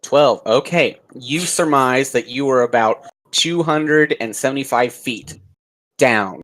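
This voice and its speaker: Casual game master running the table. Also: male voice, medium pitch, slow. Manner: casual, steady narration with game rulings. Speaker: dungeon master.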